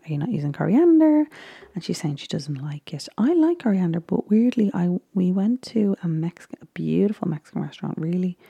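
A young Irish woman with a low, dark, husky voice and a gravelly edge chats loosely through a recap of a baking show. She rambles, often sinking into a soft whisper. Her voice sounds dry and close. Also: no echo. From Ireland. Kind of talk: casual chat, often whispered.

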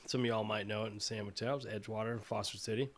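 A man's voice: on the low side, steady tone, rapid-fire, crowd noise. A man hosting a podcast, telling a long digressive comic story full of profanity. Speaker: podcast host.

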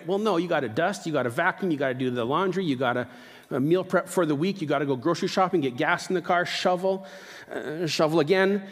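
A pastor delivers his sermon in an easygoing, conversational way, letting his voice drop low and slow whenever he wants to stress a key point. The sound has the openness of a big room.

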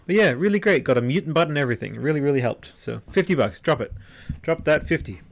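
A man's voice: fairly high pitch, expressive, quick pace, vocal fry. A man hosting a podcast livestream, chatting casually and rambling with lots of fillers and restarts. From Australia. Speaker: podcast host. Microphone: headset microphone.

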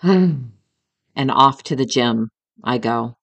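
A woman's voice: a bass voice, lively intonation, drawn-out words, gravelly, highs cut off. A middle-aged woman hosting a podcast, telling a personal story in a candid, emotional way, with some swearing and talking straight to the listener as a friend. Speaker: podcast host.

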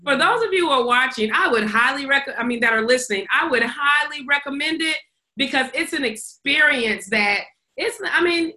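A woman's voice: high voice, animated, normal speed, bright, forceful tone. A woman co-hosting a podcast, telling a story in casual chat, acting out quotes and laughing often. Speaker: podcast co-host.

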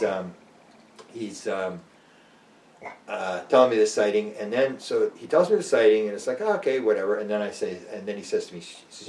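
A man's voice: medium pitch, darkish tone. An older man, a guest author rambling through stories with many restarts and acted-out quotes. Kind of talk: rambling storytelling interview. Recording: roomy and distant.

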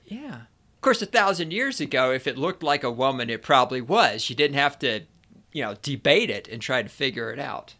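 A man's voice: medium pitch, animated, moderate pace, pushed and bright. An American man chatting casually and bantering playfully, cracking jokes. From United States. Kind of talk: casual chat.

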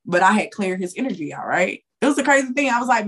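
A woman tarot reader chatting as a podcast guest, her voice sitting at an everyday middle pitch. She tells her story in a loose, lively, conversational way with plenty of slang. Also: brisk. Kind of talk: casual storytelling.

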